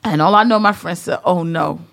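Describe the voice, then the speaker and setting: A woman telling a comedic story in a profane, emphatic way, acting out her own yelling. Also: fairly low pitch, fairly quick, gravelly. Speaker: storyteller on a talk show.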